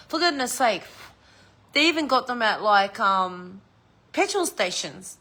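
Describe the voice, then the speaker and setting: A woman's voice: fairly high pitch, big pitch swings, takes it slowly, long pauses, pushed and bright. A middle-aged woman, chatting casually on a livestream, laughing often and swearing freely. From New Zealand. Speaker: livestream host.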